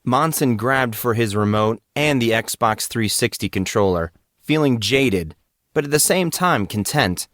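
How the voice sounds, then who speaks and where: A man narrating an audiobook in a steady, measured reading voice. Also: medium pitch, no room sound, clean studio sound.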